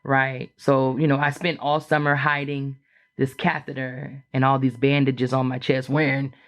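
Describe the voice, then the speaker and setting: A woman guest on a podcast telling a personal story in a frank, chatty way, acting out what others said with big leaps in her voice. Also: moderate pace. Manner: animated, acts out quoted voices with big jumps in pitch; frank and chatty, with frequent fillers.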